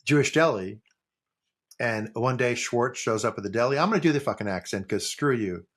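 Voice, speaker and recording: A man's voice: mid-range voice, lively intonation, brisk, a bit bright. A man co-hosting a casual podcast, rambling and joking as he tells stories. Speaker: podcast co-host. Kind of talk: casual chat.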